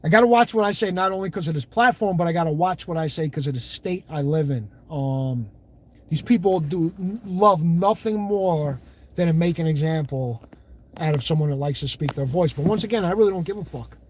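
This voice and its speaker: High-voiced blunt New man. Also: brisk. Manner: blunt and profane, fiery, laughs easily. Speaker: livestream host. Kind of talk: casual livestream chat reading viewer comments.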